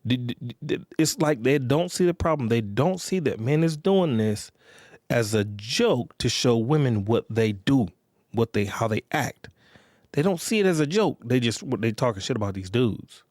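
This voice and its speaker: This podcast host speaks in a mid-range, animated, slightly mellow voice at a moderate pace. His casual monologue rambles and includes profanity, and he repeatedly checks in with listeners with "you get what I'm saying." The studio-quality recording has no room sound.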